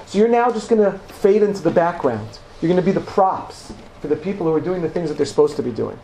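A man's voice: high-pitched, lively intonation, fast, creaky, dark tone, roomy sound, a little hiss or hum, rough recording. A man teaching a Torah lesson to a live audience. He talks in a conversational, emphatic way and repeats words for stress. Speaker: rabbi teaching a class.

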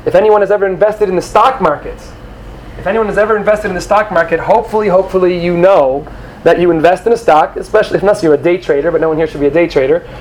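A man giving an animated sermon to young students, acting out quoted voices and sprinkling in Hebrew terms. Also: sits high, quick pace, a little hiss or hum, low-quality recording. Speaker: rabbi or teacher addressing students.

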